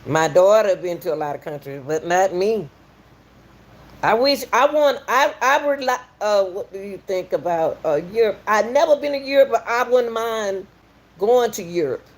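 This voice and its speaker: A woman's voice: medium pitch, lively intonation, normal speed. A middle-aged woman from Atlanta with a Southern accent, welcoming viewers in a folksy, repetitive live-stream chat as a podcast host. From Atlanta, USA.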